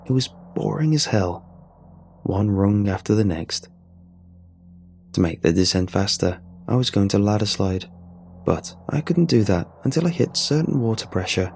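A man's voice: lowish voice, lively intonation, moderate pace, vocal fry, darkish tone, slight background noise. A man reading a first-person adventure story aloud in a wry, sardonic manner. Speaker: narrator. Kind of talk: scripted story narration.

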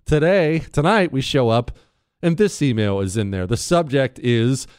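Man, talk radio host, joking, teasing, animated, mid-pitched voice, dry studio mic. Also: moderate pace, clear, resonant tone, no echo. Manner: reads listener emails aloud.

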